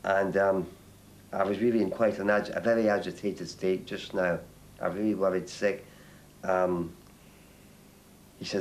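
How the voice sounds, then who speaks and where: An older man from Northern Ireland speaks in a low voice, recalling events slowly. He halts and repeats words as he goes. A faint hiss sits under the recording. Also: little pitch movement, a little mellow. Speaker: interviewee. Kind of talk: documentary testimony.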